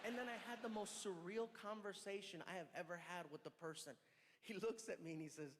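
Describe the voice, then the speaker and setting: Animated stand-up comedian in a big hall. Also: male voice, sits high, brisk. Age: 30s. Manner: animated, acts out other voices, shouts and laughs. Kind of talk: stand-up storytelling. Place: large performance hall. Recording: large hall with reverb, faint crowd noise.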